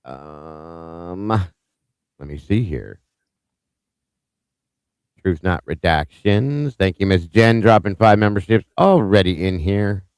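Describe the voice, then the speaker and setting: A deep-voiced man hosting a live stream, greeting viewers one by one in a chatty, upbeat way. His voice is smooth and clear, recorded close and dry with no room sound. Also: expressive, takes it slowly, long pauses, no room sound. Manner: upbeat, chatty, reads out viewer names warmly with small stumbles. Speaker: host of a live true-crime stream.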